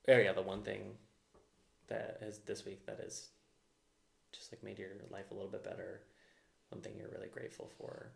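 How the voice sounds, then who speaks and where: A man's voice: lowish voice, gravelly, a little hiss or hum. A man co-hosting a podcast in loose, rambling casual chat, swearing and restarting sentences. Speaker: podcast co-host. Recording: echoey room.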